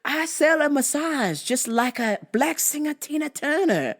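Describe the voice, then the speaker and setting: A woman voicing a pushy older woman who sells massages in halting, broken English. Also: high voice, expressive, pitched above the performer's own voice. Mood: insistent.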